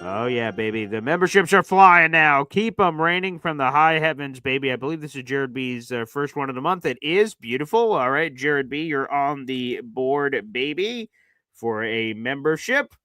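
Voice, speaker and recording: A man's voice: medium pitch, lively intonation, moderate pace, pushed and bright, smooth, dry recording, clean studio sound. A man hosting a casual sports livestream, hyped up and calling his viewers "baby" as he reads off gifts. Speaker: livestream host.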